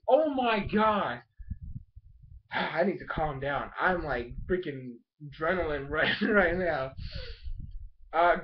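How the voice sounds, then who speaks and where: A young man recapping an anime episode as a vlogger, gushing with excitement and acting out the characters' lines in bursts. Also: high voice, lo-fi sound. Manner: hyped, gushing, acts out quotes in bursts.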